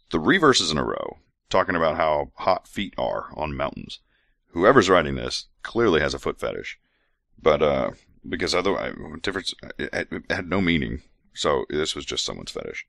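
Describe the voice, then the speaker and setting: A man's voice: rumbling low, very animated, moderate pace, creaky, a bit bright, no echo, clean studio sound. A man hosting a podcast who reads scripture aloud in a mock-solemn voice and breaks off for sarcastic, irreverent commentary. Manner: sarcastic, irreverent, mocking asides between readings. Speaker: podcast host. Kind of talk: comedic scripture reading and commentary.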